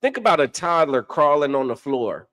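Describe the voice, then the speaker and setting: Animated man preaching in casual talk. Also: a little high, moderate pace. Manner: animated, repeats "you understand?", swears casually. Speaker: religious podcast co-host.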